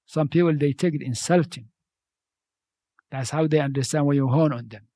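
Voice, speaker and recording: A man's voice: a little high, normal speed, mellow, no echo. Preaching man, second-language English. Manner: conversational, repeats phrases, non-native grammar. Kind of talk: sermon.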